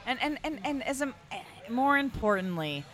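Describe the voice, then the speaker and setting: A woman's voice: high-pitched, big pitch swings, normal speed, a bit bright. Woman, podcast host, casual friends' chat, earnest advice-giving. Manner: earnest, turns serious and advising.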